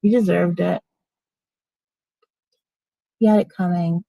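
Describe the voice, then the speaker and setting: A woman's voice: on the low side, fairly even intonation, slow, gravelly, mellow, dry recording, rough recording. A middle-aged woman venting casually in a rambling storytime, blunt and profane, restarting her sentences often. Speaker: vlogger.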